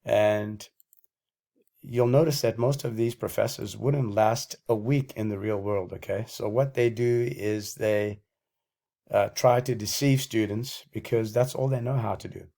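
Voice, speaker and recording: Low-voiced man on a breathless rant. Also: fairly even intonation, a little slow, gravelly, mellow. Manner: combative, self-aggrandizing, contemptuous. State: out of breath and losing his voice. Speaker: channel host. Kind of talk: ranting monologue.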